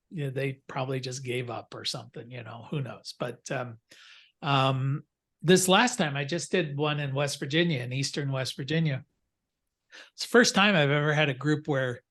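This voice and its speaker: Older man, slightly high voice, instructor type, loose rambling storyteller on a video call. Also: a bit bright. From United States. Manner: rambling, anecdotal, many fillers and restarts. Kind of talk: casual classroom storytelling.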